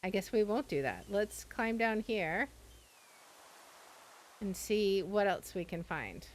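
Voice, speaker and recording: A woman's voice: medium pitch, expressive, takes it slowly. A woman streaming a video game, thinking aloud in a casual, tentative way as she plays.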